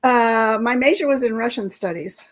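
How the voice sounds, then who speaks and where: A woman's voice: fairly high pitch, moderate pace. Older woman telling anecdotes. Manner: anecdotal, chuckles often, restarts. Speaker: guest author. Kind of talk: casual interview chat.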